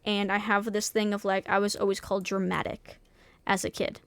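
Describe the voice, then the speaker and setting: A woman's voice: medium pitch, little pitch movement, a little fast, fairly bright tone. A young woman streamer in casual chat, talking candidly and swearing freely, with many restarts and fillers.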